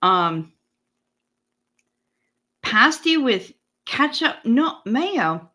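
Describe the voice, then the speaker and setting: A woman's voice: a little high, animated, slow, pauses often, bright, forceful tone. A woman in her forties from the United States, chatting casually with her livestream viewers, rambling and swearing freely. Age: 40s. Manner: profane, rambling, talks back to chat. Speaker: livestream host. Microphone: streaming setup.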